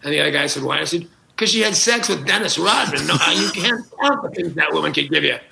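A man's voice: on the high side, expressive, quick pace, creaky, echoey room, noisy background. A man, a talk show guest, telling comic anecdotes with gusto, acting out quotes and laughing at his own jokes. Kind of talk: animated comic storytelling.

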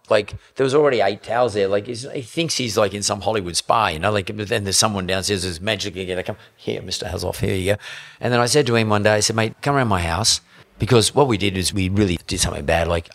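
Fast-talking deep-voiced Australian man. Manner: blunt, swears freely, animated anecdotes. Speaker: podcast guest. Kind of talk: casual storytelling chat.

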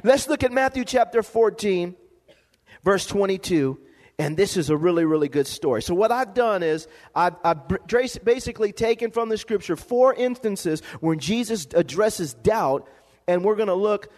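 A man's voice: sits high, lively intonation, normal speed, a little mellow. A man preaching a sermon as pastor, calling for amens and repeating his words as he builds a point. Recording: long hall reverb.

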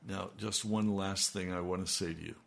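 A man's voice: deep voice, fairly even intonation, moderate pace, gravelly, fairly bright tone. A middle-aged male pastor giving a radio sermon and praying earnestly, pleading as he goes. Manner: earnest, pleading prayer that rises in intensity.

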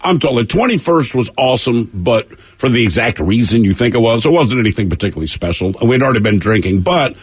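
Male co-host, very husky voice, animated, dry close sound. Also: mid-range voice, fast talker, few pauses, no room sound. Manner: wry, sarcastic, laughs often. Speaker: radio co-host. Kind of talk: casual radio banter.

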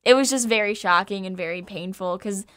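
A woman host telling a personal story in casual chat, candid and animated, laughing as she goes. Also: mid-range voice, fairly quick, clean tone, dry recording, clean studio sound.

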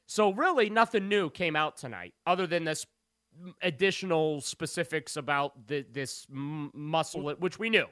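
A man's voice: a little high, moderate pace, a bit bright, no room sound, studio quality. A man on a sports radio show as the beat reporter guest, talking in rambling, emphatic runs full of restarts.

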